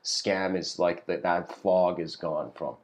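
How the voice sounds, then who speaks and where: A man with a very low voice gives a casual spoken lecture. He tells a parable in a loose, rambling way, filling gaps with "you know" and soft chuckles. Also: steady tone, takes it slowly.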